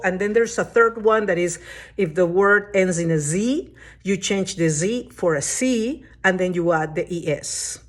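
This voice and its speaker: A woman teaching a lesson at a whiteboard, explaining step by step and often checking that the class understands. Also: medium pitch. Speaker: Spanish teacher.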